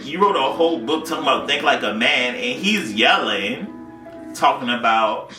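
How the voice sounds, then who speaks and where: A man's voice: medium pitch, expressive, normal speed, sharp tone. A man co-hosting a casual podcast, telling a wild night-out story in slang, swearing freely. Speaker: podcast co-host. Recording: roomy sound, mic at a distance, faint music.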